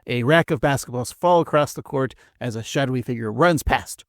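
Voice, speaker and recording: A man co-hosting a podcast in relaxed, rambling chat, laughing often. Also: mid-range voice, brisk, dry recording, studio quality. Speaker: podcast co-host. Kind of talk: casual chat.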